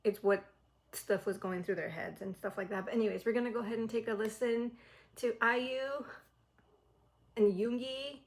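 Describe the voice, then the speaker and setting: A woman hosting a casual reaction video, excitable and chatty, with lots of "like" in her talk. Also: a little high, moderate pace, rough recording.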